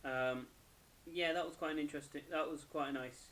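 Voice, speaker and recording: A man's voice: a little high, steady tone, normal speed, a bit bright. A young man, tired and yawning, casually reviewing an anime episode in a rambling, self-correcting way.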